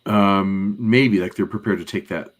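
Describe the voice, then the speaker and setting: Guy with a really deep voice chatting on a podcast, rambly, lots of ums. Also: measured pace. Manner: detailed, rambling recap with many fillers. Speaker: podcast co-host. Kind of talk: casual podcast chat recapping a cartoon.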